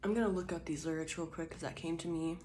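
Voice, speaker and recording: A woman giving a casual tarot reading who laughs a lot and swears freely, swinging from loud bursts to quiet musing. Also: sits low, fairly even intonation, fast, a little hiss or hum. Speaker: tarot reader.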